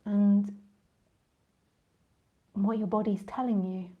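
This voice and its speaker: A woman's voice: medium pitch, level tone, slow pace, narrow, tinny audio. A woman spiritual teacher in a casual live talk with listeners, rambling and chatty, often laughing and drifting off on tangents.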